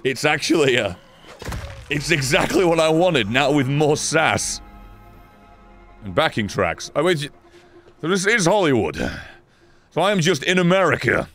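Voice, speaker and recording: A man giving excitable, profane, laugh-filled commentary while playing a video game. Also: fairly high pitch, unhurried, pauses often, soft background music. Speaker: gaming YouTuber. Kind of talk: let's play commentary.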